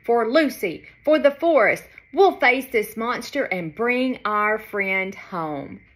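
A woman's voice: fairly high pitch, lively intonation, normal speed, sharp tone. A woman voicing a small, earnest young male frog hero in a storybook reading, anxious and eager.

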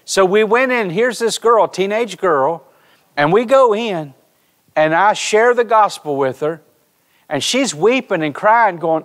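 A man's voice: high-pitched, a little slow. A man preaching a sermon in a church, telling stories and speaking directly to his congregation. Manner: storytelling preacher, animated, addresses congregation directly. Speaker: pastor. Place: church sanctuary.

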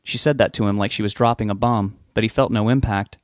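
A man narrating a novel in a steady, measured reading voice. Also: fairly low pitch, no echo, studio quality. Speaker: audiobook narrator.

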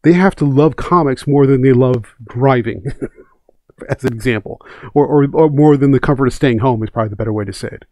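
A man hosting a comics commentary show, speaking in an emphatic, opinionated way and driving his points home by repeating them. His voice sits at an ordinary middle pitch for a man. The recording is dry and close, with no room echo. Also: fairly quick, a little mellow. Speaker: host of a comics commentary channel. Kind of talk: casual commentary.

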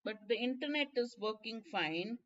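A woman with an Indian English accent leads a live exam-prep lesson, dropping in Hindi asides as she works through each question. Her voice is bright and slightly high. The stream sound is dull and lo-fi. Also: expressive, moderate pace. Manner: explains step by step, code-switching into Hindi. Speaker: teacher.

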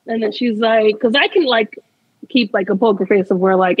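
A woman's voice: on the high side, normal speed, breathy edge, no room sound, lo-fi sound. A young adult woman, a guest in a casual interview, telling a story in a chatty way, laughing often and saying "like" a lot.

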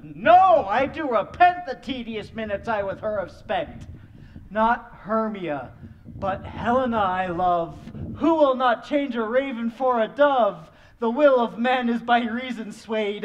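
A man playing an ardent young lover, slow. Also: high voice, a little hiss or hum. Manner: earnest, declamatory verse delivery. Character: lovestruck young man Lysander, ardent, fickle. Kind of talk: live stage Shakespeare acting.

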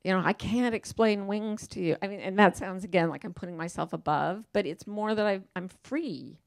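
A woman's voice: mid-range voice, moderate pace, gravelly, no room sound, clean studio sound. A woman author talking as a guest in a casual onstage interview, emphatic and playful, often quoting herself in voices.

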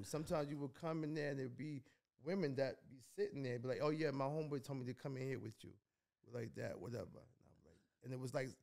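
A man's voice: on the high side, vocal fry, a little mellow. A man in his fifties from New York, a guest telling stories in a casual interview, rambling and repeating words.

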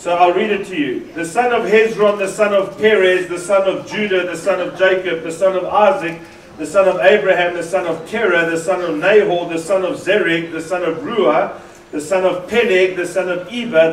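South African male preacher, high voice, lively and jokey, in an echoey hall heard from far off. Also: moderate pace, slight background noise. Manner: lively, joking, draws in the congregation. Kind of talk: sermon.

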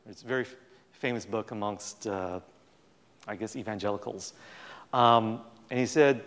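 A man giving a public talk, telling stories in a lively way with plenty of fillers and acting out the dialogue. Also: lowish voice, moderate pace, long pauses. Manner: animated storytelling, acts out quoted dialogue. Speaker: guest speaker. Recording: long reverb in a hall.

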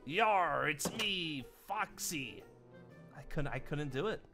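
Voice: mid-range voice, lively intonation, takes it slowly, over music. A player voicing a scared ghost boy trapped inside a robot fox, stammering and repeating words in a playful game role-play. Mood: panicky. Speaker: roleplayer.

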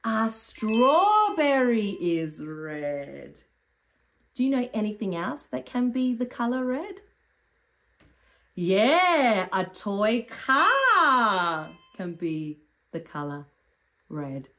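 Brief: calm, patient kids'-show teacher friend, lower and slower than the host, measured delivery, voiced by a woman. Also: heavily acted. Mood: teaching. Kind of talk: children's educational role-play.

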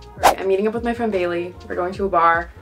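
Young woman vlogging, gravelly low voice. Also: fast, music in the background. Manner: rambling, lots of "like" fillers. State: crying, upset. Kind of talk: casual vlog talk to camera.

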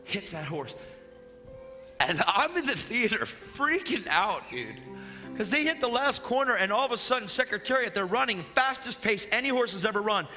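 A man preaching a sermon, excitable and slangy, retelling a movie with gusto and calling the church to action. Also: high-pitched, normal speed. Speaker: guest preacher. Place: church hall with live audience. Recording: church hall reverb with music behind.

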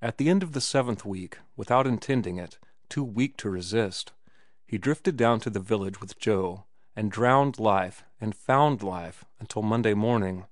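Male audiobook narrator, low-ish, measured delivery, dry booth sound. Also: no room sound. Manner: measured, phrase-by-phrase reading. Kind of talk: scripted narration.

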